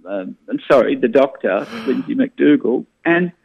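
A man tells stories in a lively rush, stumbling over restarts as he talks. His voice has a gravelly edge and comes through a tinny phone line. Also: medium pitch, a little slow, no echo. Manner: animated storyteller, frequent restarts. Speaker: comedian guest. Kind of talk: casual radio interview.

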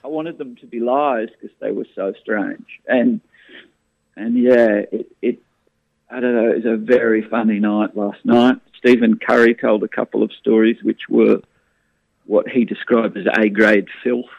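A man with an animated storytelling manner, chatting as a guest in a radio interview. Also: fairly low pitch, a little slow, gravelly, dry recording. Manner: animated storyteller, frequent restarts. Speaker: comedian guest. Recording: tinny phone line.

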